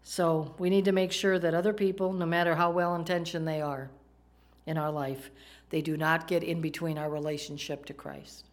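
A woman's voice: sits low, flat delivery, normal speed. A woman preaching a sermon, talking conversationally and asking the congregation questions. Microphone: microphone, PowerPoint slides in a church.

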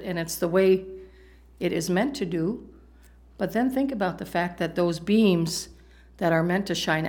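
Woman preacher, fairly low voice, sermon storytelling, joking asides, middle-aged, from the United States.

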